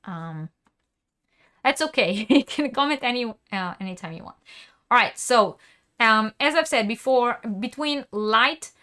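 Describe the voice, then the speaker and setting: A woman's voice: on the high side, animated, a little slow, pushed and bright. A woman hosting a crafting live stream, chatting casually and reading viewer comments aloud. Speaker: crochet channel host.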